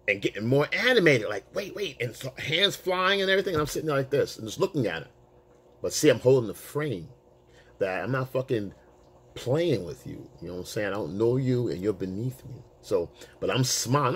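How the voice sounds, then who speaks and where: A husky, mid-range male voice belongs to a dating coach telling a story to camera. He talks fairly quickly in a casual, animated way, swearing freely and using street slang.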